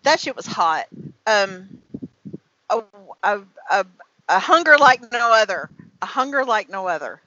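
A woman's voice: mid-range voice, sing-song, a little slow, pauses often, sharp tone. A tipsy woman author being interviewed on a video call, giggling, swearing and rambling. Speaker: author guest. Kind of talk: casual podcast interview. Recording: dry, dull lo-fi call audio.

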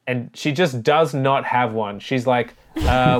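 A man's voice: mid-range voice, normal speed, few pauses. A man chatting on a podcast who asks questions and works through a story step by step. His voice sits in an ordinary middle range. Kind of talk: casual podcast chat.

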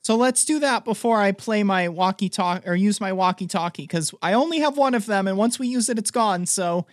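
A woman's voice: medium pitch, fairly quick, dry recording, studio quality. A woman playing a tabletop game, thinking aloud hesitantly with restarts. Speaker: player.

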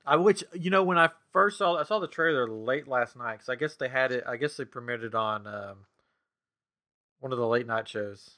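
A man in his thirties hosts a casual podcast, spinning stories animatedly and laughing a lot. His voice is medium in pitch and moves at a normal speed.

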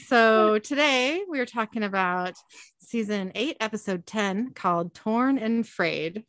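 A woman's voice: a little high, lively intonation, unhurried, a bit bright, no echo. A woman co-hosting a podcast, giving a casual recap of a show's plot and laughing often. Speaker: podcast co-host.

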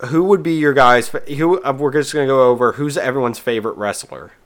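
A man hosting a relaxed podcast conversation. He rambles, doubles back and restarts his sentences often. His voice sits at an ordinary middle pitch. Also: fairly quick. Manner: rambling, with many restarts and fillers. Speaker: podcast host. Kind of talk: casual chat.

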